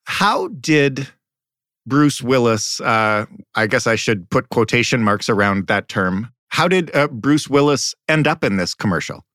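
A man hosting a podcast interview, asking questions in a relaxed, slightly wry way. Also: medium pitch, measured pace, no room sound, clean studio sound. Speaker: podcast host.

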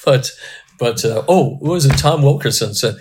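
A man's voice: medium pitch, expressive, moderate pace, darkish tone, a little hiss or hum. A middle-aged man, a cinematographer guest, telling rambling anecdotes in casual interview chat.

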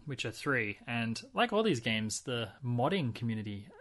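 A man's voice: medium pitch, big pitch swings, normal speed, fairly bright tone. A man co-hosting a podcast in casual chat, rambling and wry, with many fillers and restarts. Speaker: podcast co-host.

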